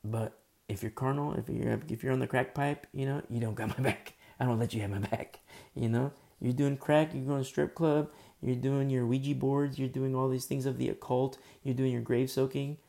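A man giving a conversational sermon as a preacher, informal and full of fillers, often dropping to a soft murmur. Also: medium pitch, steady tone, normal speed, gravelly.

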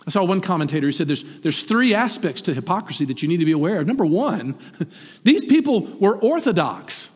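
A husky man preaching with lively swings in pitch, climbing high for emphasis and sinking low for quiet asides. His voice sits fairly high for a man. A long hall reverb trails behind every phrase. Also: brisk. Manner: animated, rising to emphatic peaks then dropping low. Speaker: pastor. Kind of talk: sermon.

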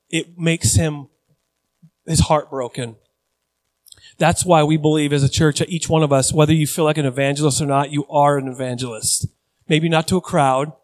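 Middle-aged pastor, earnest sermon delivery, slightly high voice, builds to emphatic refrains. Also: male voice.

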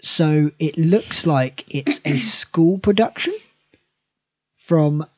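A woman co-hosting a podcast, wry and unhurried in casual chat. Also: sits low, darkish tone, dry recording. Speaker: podcast co-host.

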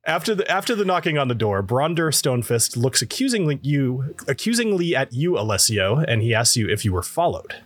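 A man's voice: mid-range voice, big pitch swings, a little fast, few pauses. A man narrating as game master in a casual, laughing way, with lots of fillers, on a home microphone.

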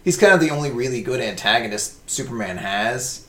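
Animated young man in an echoey room. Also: medium pitch, fairly quick. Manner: animated, swearing, bursts into mocking put-on voices. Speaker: podcast co-host. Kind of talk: casual chat.

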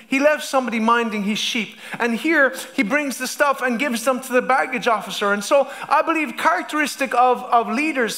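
A man's voice: very high voice, pushed and bright. A man preaching a sermon as pastor, stumbling over restarts and asking the congregation "amen?" as he reads scripture.

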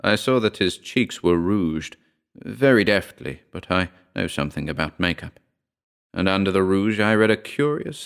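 A man with a very low, smooth voice reads a first-person horror story in a measured manner. His delivery is clear and steady, like an audiobook narration.

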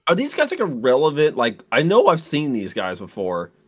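A man's voice: a little high, huge pitch swings, normal speed, slightly rough. A man co-hosting a film podcast, chatting casually with joking, teasing asides. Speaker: podcast co-host. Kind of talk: casual film-review chat.

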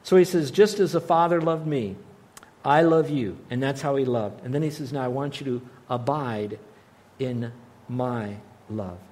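A man giving a radio Bible teaching in an earnest, conversational way, often dropping to a softer voice. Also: mid-range voice, a little slow, a little hiss or hum. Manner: earnest, conversational, with frequent soft drops in volume.

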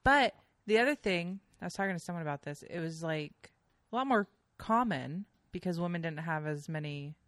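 A woman's voice: lowish voice, animated, moderate pace, a bit bright, dry recording, studio quality. A young adult woman, a podcast guest, telling casual stories full of fillers and swearing. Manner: chatty storyteller with frequent fillers and swearing. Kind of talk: casual chat.

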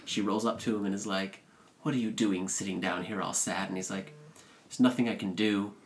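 A man's voice: sits low, steady tone, brisk. A man co-hosting a podcast, recapping a film in casual chat, joking and sarcastic, acting out the characters' lines. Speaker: podcast co-host.

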